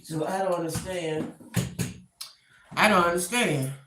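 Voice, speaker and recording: A woman's voice: lowish voice, measured pace, distant mic, background noise. A middle-aged woman, chatting casually and exasperated to her live stream viewers from home. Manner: exasperated, talks to viewers directly. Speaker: vlogger. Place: home room. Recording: roomy, away from the mic.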